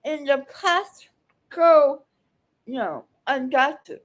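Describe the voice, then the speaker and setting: A woman's voice: high-pitched, lively intonation, extremely slow. A woman giving angry, profane reaction commentary, scolding the people in a video.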